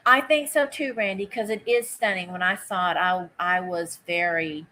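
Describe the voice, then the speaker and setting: A woman with a lowish, pushed and bright voice runs a live online vintage sale at a moderate pace, on a low-quality recording with a bit of hiss or hum. She chats casually, greets viewers by name as she takes bids, and tosses in easy asides.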